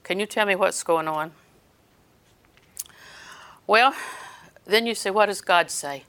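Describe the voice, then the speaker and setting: Older woman, gravelly voice, earnest sermon, scripture quotes. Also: mid-range voice, slow, a bit bright. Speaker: preacher.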